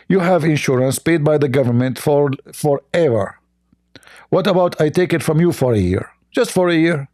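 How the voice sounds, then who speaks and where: Man, sarcastic reaction commentator, mocking, scornful, broken grammar, slightly high voice, mellow dark tone.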